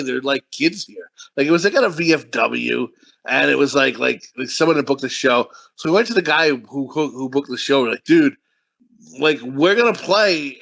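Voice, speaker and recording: A man's voice: fairly high pitch, vocal fry, fairly bright tone. A man co-hosting a casual movie review podcast, telling a rambling, profane story and laughing often. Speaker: podcast co-host.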